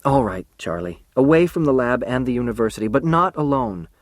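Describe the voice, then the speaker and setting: A gentle young woman teacher, cautious and patient, pleading softly as a male narrator reads her part. Her voice rises and falls in a lively sway and sits close to the mic with no room around it. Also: medium pitch, brisk, no echo, close to an everyday voice. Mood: gently cautious.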